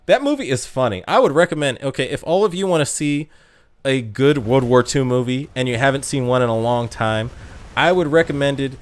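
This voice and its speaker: A male streamer in a relaxed live chat, reacting to viewer messages. His talk is loose and rambling, with frequent laughs and stumbles as he backtracks mid-sentence. Plain, mid-pitched voice. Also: normal speed. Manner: chatty, laughs often, stumbles over words.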